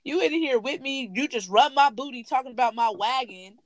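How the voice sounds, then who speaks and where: A young woman with a fairly high voice tells a story on a casual podcast. She is animated and acts out what people said. The recording is close and dry. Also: brisk, dry recording. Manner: animated, acts out quotes, laughs often. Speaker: podcast co-host.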